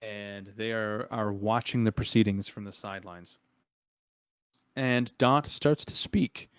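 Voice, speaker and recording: A young adult man narrating as game master of a tabletop game, relaxed and chuckling, with frequent filler words. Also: on the low side, takes it slowly, clear, resonant tone, no echo.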